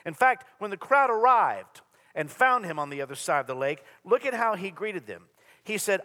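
A man's voice: sits high, sing-song, normal speed, bright, forceful tone. A man preaching a Sunday sermon, earnest and repetitive with dry humor, in a church. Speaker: pastor. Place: church sanctuary. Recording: long hall reverb.

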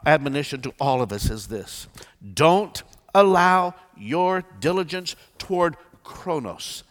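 A man preaching a sermon as pastor, swinging from hushed pleading to loud declaration. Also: medium pitch. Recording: long church reverb.

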